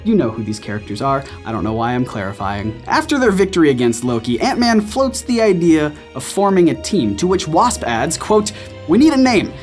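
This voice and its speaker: A man's voice: fairly high pitch, lively intonation, fairly quick, few pauses. A man hosting a scripted commentary video, speaking in a playful and self-mocking way. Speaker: video essay host. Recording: faint music behind.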